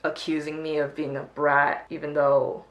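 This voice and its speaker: A woman's voice: sits low, normal speed. A young woman vlogger chatting animatedly while she does her makeup, telling a story with lots of "like". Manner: chatty, animated retelling with many "like"s. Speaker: beauty vlogger. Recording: roomy echo.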